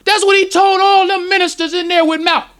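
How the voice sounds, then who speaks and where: High, bright-voiced excitable male preacher. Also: brisk. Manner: excitable, emotional delivery with sudden shouts. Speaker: minister. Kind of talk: preaching lecture. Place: temple lecture hall.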